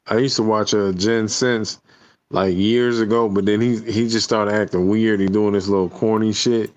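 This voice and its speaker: A man's voice: lowish voice, fairly even intonation, normal speed, no echo. A man in casual chat, laid-back and slangy, with lots of fillers.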